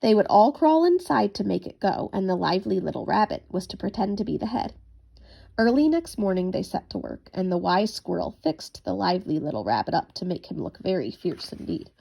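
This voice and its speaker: Gravelly, expressive woman storyteller. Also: mid-range voice, brisk. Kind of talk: children's bedtime story reading.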